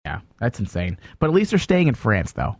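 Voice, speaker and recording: Lively-voiced man, stammering news chat. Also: fairly low pitch, fairly quick, dry recording. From United States. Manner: rambling, stammering restarts. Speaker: host.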